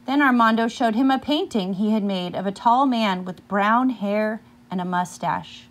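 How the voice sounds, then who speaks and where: Reading aloud from a picture book, a woman stops now and then to quiz her listeners about the story. Her voice sits in the mid range.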